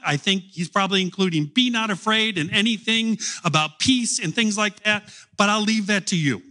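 A middle-aged man preaching a sermon, telling stories slowly with long pauses. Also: high voice, pushed and bright. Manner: slow storytelling with long pauses.

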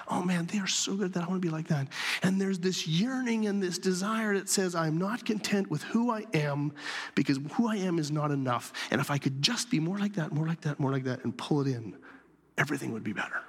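Husky-voiced pastor preaching in a hall. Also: male voice, fairly high pitch, a little fast. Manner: animated, dropping to soft whispers for emphasis. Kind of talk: sermon.

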